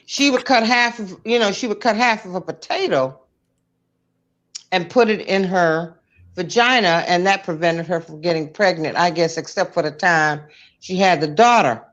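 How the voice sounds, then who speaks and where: A woman co-hosting a casual chat, telling stories in an animated way and laughing often. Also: lowish voice, moderate pace, lo-fi sound. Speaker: co-host.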